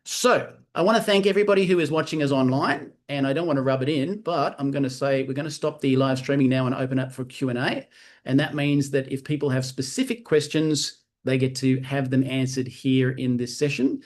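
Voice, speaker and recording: A man giving an energetic, motivational training talk at a live session, repeating key phrases and acting out sales-call dialogue. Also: medium pitch, a little fast. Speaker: network marketing trainer.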